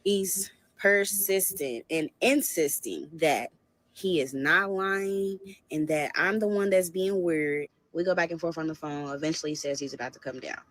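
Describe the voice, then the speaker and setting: A woman casually telling a dating story in an animated, conversational way. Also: low-pitched, normal speed, dry recording.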